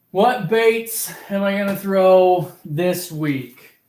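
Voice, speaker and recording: A man's voice: high-pitched, drawn-out words, a little mellow. A man from Oklahoma hosting a casual fishing livestream, chatting, giggling and reading viewers' comments aloud. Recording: roomy echo.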